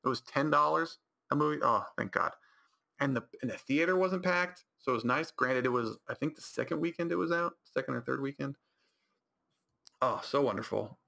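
A man's voice: medium pitch, gravelly, sharp tone. A man hosting his own podcast, telling rambling casual stories with lots of restarts and self-corrections. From California high desert. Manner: rambling storytelling with many restarts. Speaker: podcast host. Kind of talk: casual solo podcast talk.

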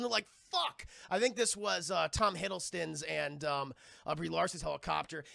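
A man recaps a film live for his chat in a high, gravelly voice. His tone is bright and edgy, and he sounds excitable and profane. The sound is close and dry. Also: no room sound. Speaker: streamer reviewing a film. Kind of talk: live-stream movie recap addressing chat.

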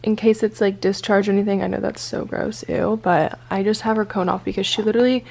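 A woman's voice: mid-range voice, steady tone, fast talker, gravelly, a little hiss or hum. A young woman in her twenties talking casually to her phone camera for a vlog, chatty and a little emotional. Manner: chatty and emotional, with soft teary asides. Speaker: vlogger. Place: in a car, then at home in bed.

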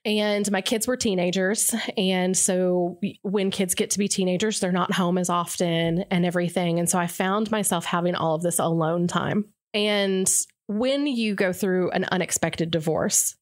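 A woman's voice: lowish voice, fairly even intonation, moderate pace, hardly any pauses. A woman in her forties, a radio co-host, telling her life story in an earnest, reflective way, with many fillers. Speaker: radio morning show co-host as interview guest. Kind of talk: candid personal interview.

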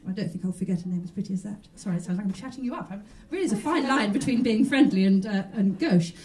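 A woman's voice: mid-range voice, fast, a little mellow, distant mic. A woman hosting a mock chat show in a stand-up character act, talking in a prim, genteel, rambling way.

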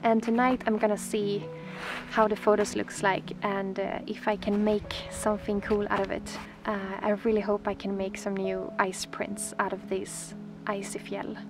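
A Swedish woman vlogging outdoors on a frozen lake, speaking in a gentle, dreamy, excitable way that sometimes drops softly toward a whisper. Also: medium pitch, normal speed, music in the background, low-quality recording. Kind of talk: casual vlog talk to camera.

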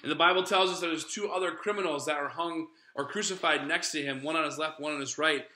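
Brief: bright-voiced male pastor, casual earnest sermon, echoey church. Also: a little high, steady tone, fast, a little hiss or hum. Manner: earnest, conversational preaching with asides to listeners. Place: church sanctuary.

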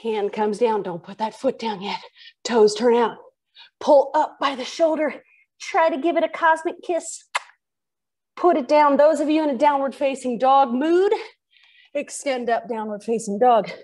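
A woman guides a yoga class in a slow, unhurried way, her voice sitting a little on the high side. She gives chatty, encouraging cues between breaths. As she moves through poses, her voice now and then drifts away from the mic. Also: a little mellow. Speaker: yoga instructor. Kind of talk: guiding a live yoga class.

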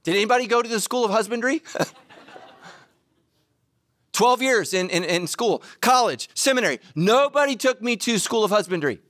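A middle-aged man preaching a sermon, self-mocking and animated, now and then bursting into shouts. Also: high-pitched, moderate pace, pauses often, dry recording. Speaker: pastor.

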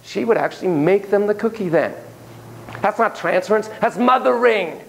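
A man's voice: high voice, expressive, fairly quick, vocal fry, a bit bright. A man teaching a class on child psychotherapy, emphatic and playful, with frequent asides. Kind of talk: classroom lecture.

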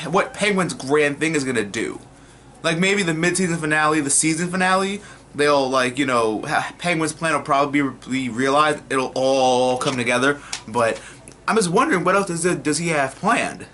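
Bright-voiced excitable young man. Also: mid-range voice, slight background noise. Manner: excitable, rambling with fillers and restarts. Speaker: TV review vlogger. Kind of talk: casual vlog review.

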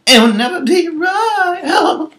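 A man putting on a high, slow, haunting voice of a wailing young woman singer. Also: very animated, fairly bright tone, reverberant, heavily acted. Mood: eerie. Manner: slow, drawn-out, haunting singing.

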